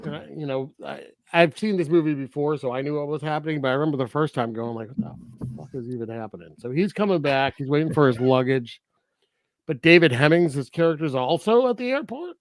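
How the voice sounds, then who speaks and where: This podcast co-host talks fast and expressively with hardly any pauses, his voice a little high, as he recaps a film's plot in a casual review chat. He laughs often and uses lots of fillers, and the recording is dry.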